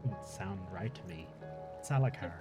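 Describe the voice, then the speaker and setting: A man's voice: medium pitch, very animated, moderate pace, loud music behind the voice. A young Irish man streaming a game, chatting casually and thinking aloud in a rambling way, with casual swearing. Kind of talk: casual live-stream chat while gaming.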